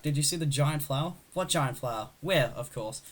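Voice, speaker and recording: A young man speed-reading a film script aloud, rushing and barely acting the parts. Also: fairly high pitch, expressive, rough recording. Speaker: script reader.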